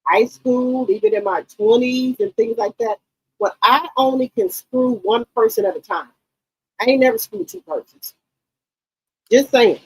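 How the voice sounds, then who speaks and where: A woman in her late forties or fifties hosting a gossip channel, talking to her viewers in an animated, outspoken and profane way. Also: sits high, measured pace, vocal fry, breathy edge, no room sound, rough recording. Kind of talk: casual commentary to viewers.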